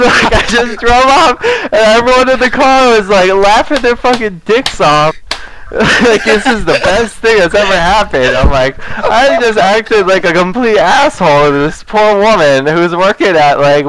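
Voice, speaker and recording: A young man tells a personal story to the camera in a loose, rambling way. He swears freely and keeps breaking into laughter. His voice sits a little high for a man. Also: animated, normal speed, fairly bright tone, a little hiss or hum, poor audio. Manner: rambling, profane, laughing between phrases. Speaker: vlogger. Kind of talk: casual storytelling.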